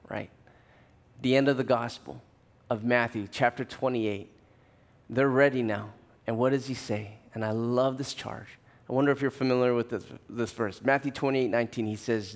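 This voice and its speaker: A male pastor preaching a sermon, his voice rising and pressing hard on key points. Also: mid-range voice.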